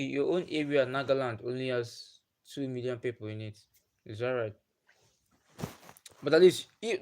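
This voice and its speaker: With a mid-range voice and a Nigerian accent, a young man from Nigeria hosts a casual livestream chat with his viewers. He grew up speaking Igbo as his first language and often circles back to repeat himself.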